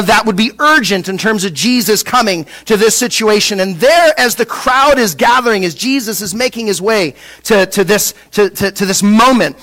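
A middle-aged man preaching a lively sermon in a notably high voice. He talks in a conversational way, acts out the people he quotes, and stops to restart his sentences now and then. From Southern California. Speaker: pastor.

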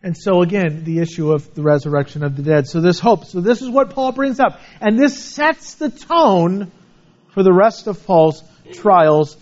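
A man's voice: high-pitched, animated, normal speed, muffled recording. A man preaching a sermon, earnestly reading scripture aloud and explaining it. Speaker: pastor.

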